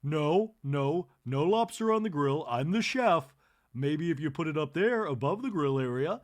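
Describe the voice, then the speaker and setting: A man doing a comic impression of a fussy, bossy high-society woman with a prim, commanding manner. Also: expressive, measured pace.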